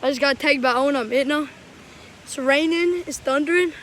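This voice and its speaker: A woman vlogging while she plays hide and seek outside, out of breath, talking in hushed, jumpy bursts with loud exclamations, recorded on a handheld phone. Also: high-pitched, brisk, slight background noise. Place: outdoors in a thunderstorm at night. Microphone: handheld phone camera.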